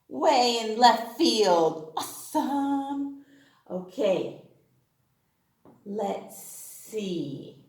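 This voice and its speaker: A woman kindergarten teacher with a medium-pitched voice and some vocal fry leads an online phonics lesson for young children. She sings her words, gasping and exclaiming excitedly, and the recording has an echoey room sound.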